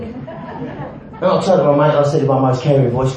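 A man's voice: on the high side, moderate pace, long pauses, crowd noise. A man telling his recovery story frankly, blunt and self-mocking, with the odd swear word and a habit of saying "right?". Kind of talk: personal recovery talk with self-mocking humour. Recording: very echoey, dull hall recording.

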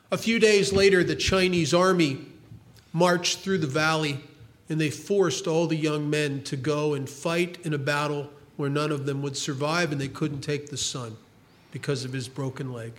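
High-voiced man telling a folksy story. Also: normal speed, fairly bright tone. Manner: folksy storyteller, acts out the old man's shrugging replies. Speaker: recovery talk speaker. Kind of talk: storytelling talk.

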